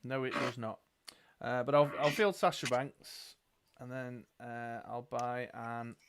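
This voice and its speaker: A man's voice: medium pitch, fairly even intonation, takes it slowly, background noise. Chatty British man playing a dice game. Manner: chatty, thinks aloud while reading cards and counting dice. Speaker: game show co-host. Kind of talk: casual live game commentary.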